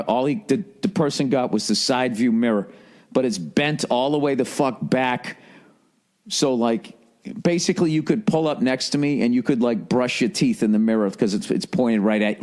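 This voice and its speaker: A man's voice: medium pitch, brisk, a little mellow. Profane, rambling man telling a story. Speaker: livestreamer. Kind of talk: casual storytelling.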